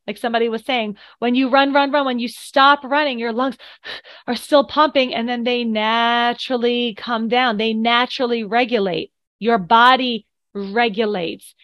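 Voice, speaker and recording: Woman podcast coach, reassuring explainer, higher voice, dry mic. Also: fairly bright tone, no room sound. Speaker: anxiety coach co-host. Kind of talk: casual podcast chat.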